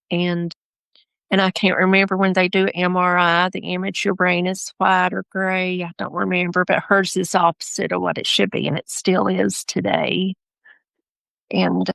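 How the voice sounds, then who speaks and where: Mother as podcast guest: very gravelly voice, close dry mic, rambling heartfelt telling. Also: mid-range voice, no echo. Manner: rambling, heartfelt, with self-corrections and soft laughs. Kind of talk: personal storytelling in an interview.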